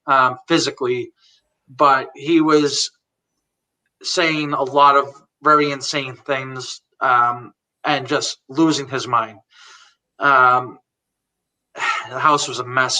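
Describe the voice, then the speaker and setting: A man in his forties tells his life story as a guest in a live chat, candid and plain-spoken, replaying conversations line by line. His voice is bright and forward. He sits a little back from the microphone, so he sounds slightly distant. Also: mid-range voice, steady tone, slow, pauses often. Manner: candid, retells conversations word for word, laughs now and then. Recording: voice a bit far from the mic.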